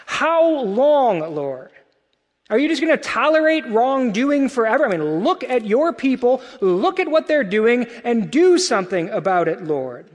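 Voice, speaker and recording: A preacher acting out a pleading, incredulous old prophet. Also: male voice, extremely high pitch, big pitch swings, measured pace, long reverb tail, voice pushed up, heavily acted. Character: distraught ancient male prophet questioning God. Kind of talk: paraphrased scripture acting within a sermon.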